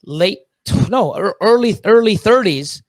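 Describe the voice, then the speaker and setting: Excitable, swearing man with a high voice. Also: unhurried, no echo. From Canada. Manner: excitable, swears a lot, rambling with many fillers and restarts. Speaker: podcast guest. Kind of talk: casual chat.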